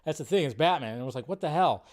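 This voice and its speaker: Excitable rambling man reacting to a trailer. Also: on the high side, rapid-fire. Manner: excitable, rambling, swears freely. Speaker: host. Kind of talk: casual live-stream commentary.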